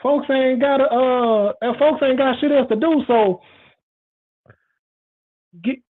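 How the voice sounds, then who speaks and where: High-voiced man with tinny phone-like sound. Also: takes it slowly. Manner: rambling, repetitive, frank and emphatic. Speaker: show host. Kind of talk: casual monologue.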